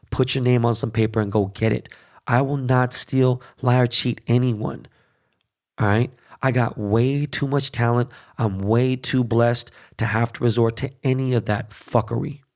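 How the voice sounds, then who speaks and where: A man's voice: medium pitch, fairly even intonation, normal speed, darkish tone. A middle-aged man hosting a podcast, telling a casual story in a profane, emphatic, conversational way. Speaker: podcast host.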